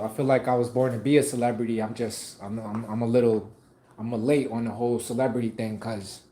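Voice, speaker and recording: A man's voice: medium pitch, dark tone, a little hiss or hum. A man hosting a casual live stream, laid-back and joking as he reads viewer comments aloud while cooking at home. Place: home kitchen. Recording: roomy echo.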